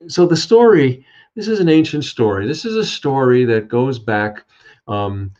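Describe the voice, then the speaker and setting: A man's voice: lowish voice, a little mellow. A man telling an old folk tale and reflecting on it, speaking unhurriedly with many fillers and restarts. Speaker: storyteller and speaker. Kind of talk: reflective spiritual talk. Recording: dull lo-fi sound.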